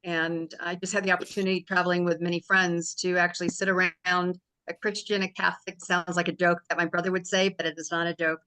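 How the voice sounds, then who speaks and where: A woman's voice: on the low side, little pitch movement, quick pace, hardly any pauses, sharp tone, smooth, poor audio. A woman in a class, reflectively sharing a personal experience. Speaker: class participant.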